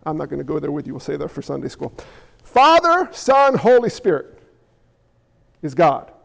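A man preaching a sermon as pastor in an animated, conversational way with jokey asides. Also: a little high, moderate pace, vocal fry, in a large hall.

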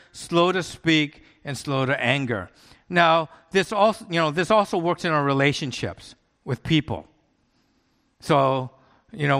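Pastor preaching in a reverberant hall. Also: male voice, a little high, fairly bright tone. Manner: conversational storytelling preaching with laughs. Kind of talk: sermon.

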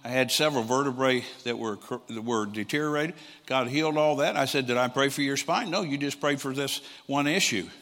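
A man's voice: mid-range voice, a little fast, hardly any pauses. Older man preaching in a reverberant hall. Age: 60s. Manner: animated storyteller who acts out quoted people and chuckles often. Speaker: traveling preacher. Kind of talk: storytelling sermon.

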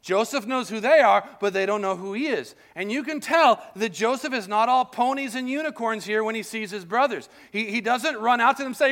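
A man pastor preaching a sermon in a casual, animated storytelling manner. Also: very high-pitched, a little fast, hardly any pauses.

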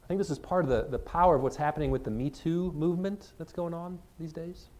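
A man's voice: a little high, fast, a little mellow. A man preaching a sermon as pastor, speaking earnestly in a conversational way to his congregation.

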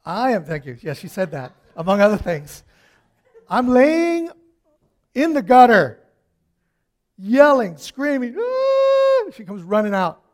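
A man preaching a sermon, telling personal stories with lively acted-out voices, swinging from soft asides to shouts. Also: high-pitched, a little slow, long pauses.

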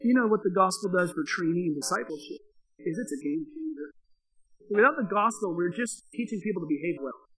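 A man preaching a sermon, telling stories in an animated way and acting out the people he quotes. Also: sits high, brisk, poor audio. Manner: animated storytelling with acted quotes. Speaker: pastor.

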